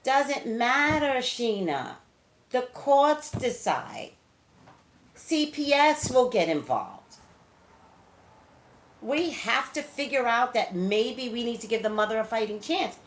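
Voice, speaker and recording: A woman vlogger who talks straight to her viewers, chatting and telling stories in an animated way. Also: on the high side, takes it slowly, roomy sound. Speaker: psychic vlogger. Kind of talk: casual chat to camera.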